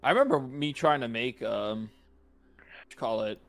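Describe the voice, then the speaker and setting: A man's voice: medium pitch, expressive, moderate pace, dry recording. A man in casual gaming chat, rambling with many fillers.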